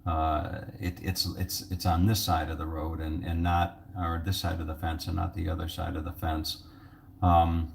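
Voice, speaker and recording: A man's voice: low voice, little pitch movement, normal speed, gravelly, a little hiss or hum. A man rambling through a casual vlog monologue, jokey and self-mocking. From United States. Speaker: vlogger.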